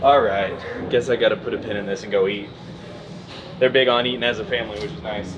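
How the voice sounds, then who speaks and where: A man's voice: fairly low pitch, steady tone, quick pace. Offhand male food vlogger, lo-fi sound. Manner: chatty, offhand remarks. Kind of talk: casual vlog narration. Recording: dull lo-fi audio with background noise.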